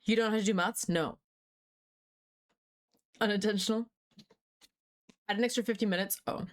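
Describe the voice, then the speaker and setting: A woman's voice: medium pitch, steady tone, moderate pace. A young woman streaming live, chatting casually with her chat in a scattered way, swearing freely and laughing often.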